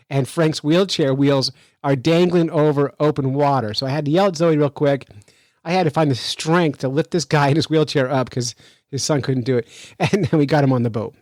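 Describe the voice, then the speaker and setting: A man hosting a fishing podcast, telling a story in an animated, chatty way and reading news out with his own remarks. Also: mid-range voice, no echo, low-quality recording. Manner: animated, chatty, laughs while telling stories. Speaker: podcast host. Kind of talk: casual storytelling and news commentary.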